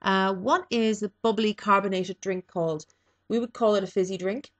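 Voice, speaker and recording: A woman's voice: medium pitch, normal speed. A woman with an East Coast Irish accent from Dublin, chatting casually and reading a word list with dry humour and frequent ums. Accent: Irish, East Coast (Dublin area). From Ireland (Dublin). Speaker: vlogger.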